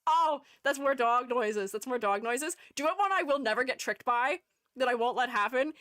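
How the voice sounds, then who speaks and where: A woman streamer chatting casually with her live audience, giggling often and playfully animated. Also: sits high, moderate pace, no echo, studio quality. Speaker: streamer and art educator.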